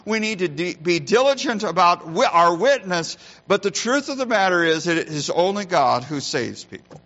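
A man's voice: sits high, very animated, moderate pace, a bit bright, highs cut off. A man preaching a sermon in an earnest manner, asking his listeners questions and giving each point weight. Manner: earnest preaching, varied emphasis, rhetorical questions. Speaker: pastor.

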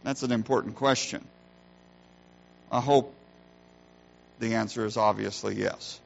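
A man's voice: lowish voice, fairly even intonation, measured pace, creaky, highs cut off. A man preaching a sermon in an earnest manner, asking his listeners questions and giving each point weight. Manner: earnest preaching, varied emphasis, rhetorical questions. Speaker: pastor.

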